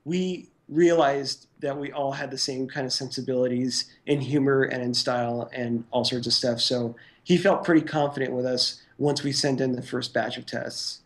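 A man's voice: medium pitch, fairly even intonation, normal speed, few pauses. Rambling man telling stories. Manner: rambling, full of "like" and "you know". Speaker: guest stop-motion animator. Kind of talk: casual interview recollection.

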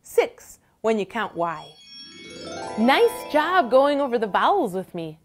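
A woman's voice: on the high side, faint music behind. A woman hosting a bilingual children's lesson, speaking in an encouraging sing-song way. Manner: slow, lively, encouraging sing-song delivery. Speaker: children's teacher host.

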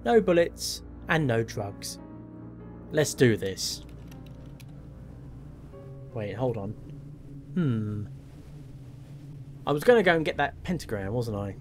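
A man's voice: mid-range voice, very animated, takes it slowly, pauses often. A man playing a horror game and commenting on it, wry and self-mocking as he thinks aloud. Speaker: gameplay commentator. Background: faint game music.

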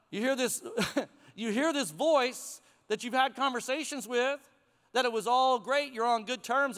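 High-voiced pastor preaching in a reverberant hall. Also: male voice. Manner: conversational, animated preaching with chuckles. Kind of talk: sermon. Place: church sanctuary.

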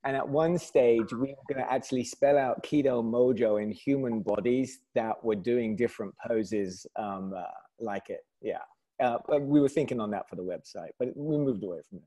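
A man's voice: medium pitch, normal speed, warm tone. Chatty southern English man on a call. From south of England. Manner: chatty, laughs easily, frequent restarts. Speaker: company founder, guest. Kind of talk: casual interview chat.

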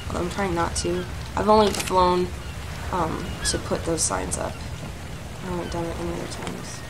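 A woman hosting a gaming channel, chatting to her game animals during solo gameplay and flaring into loud anger. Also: fairly low pitch, flat delivery, moderate pace, creaky, very noisy.

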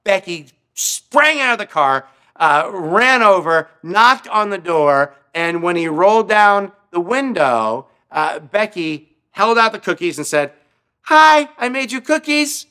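A man's voice: high voice, lively intonation, a little slow, bright, forceful tone, clean tone. A male pastor telling a story in a sermon, earnest, often repeating his words as he speaks. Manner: stammering repetitions, earnest.

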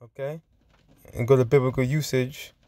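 A man preaching and teaching from scripture, emphatic and chuckling, drawing out verses slowly as he reads. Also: mid-range voice, fairly even intonation, warm tone, no echo. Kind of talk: sermon-style Bible teaching.

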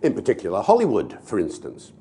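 Man, low voice with lively swings, talk-show explainer with asides. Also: brisk. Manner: expansive, lecturing, many asides. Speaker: language expert. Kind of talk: online talk with a co-presenter.

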